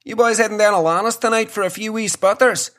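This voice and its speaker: A man's voice: high voice, steady tone, quick pace, fairly bright tone, voice pushed up. An Irish man putting on a broad, exaggerated Derry accent as a chummy local lad. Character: gruff local man from Derry, male adult.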